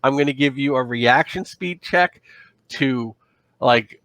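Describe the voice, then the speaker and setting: Bright-voiced male game master. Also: mid-range voice, slow pace, no echo. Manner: loose, rambling, self-correcting narration. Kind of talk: narrating a tabletop role-playing game.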